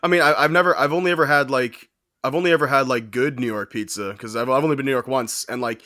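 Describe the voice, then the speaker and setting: A man's voice: medium pitch, quick pace, no echo, studio quality. A man, chatting and joking casually as podcast co-host. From Canada. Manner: relaxed, joking, with restarts and swearing. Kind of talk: casual chat.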